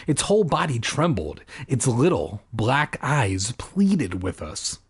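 Slow and slightly rough, a man's medium-pitched voice rises and falls dramatically as he reads a children's story. He interrupts himself with sarcastic quips, making it a humorous read-through with running commentary.

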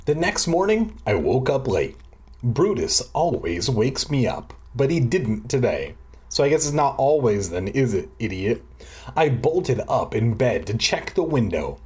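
A man's voice: mid-range voice, very animated, a little slow, darkish tone, slightly rough. A man reading a children's horror book aloud at home, breaking off for sarcastic asides and chatter about his drink. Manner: sarcastic asides mocking the text. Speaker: reader. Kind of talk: comic drunk read-aloud of a kids' horror book.

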